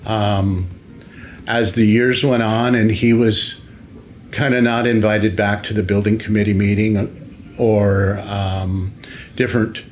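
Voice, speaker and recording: An older man, a longtime school facilities director, telling stories in an interview at an unhurried pace with many fillers, acting out what people said. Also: lowish voice, flat delivery, slight background noise. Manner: anecdotal, unhurried, many fillers and acted-out quotes. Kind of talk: interview storytelling.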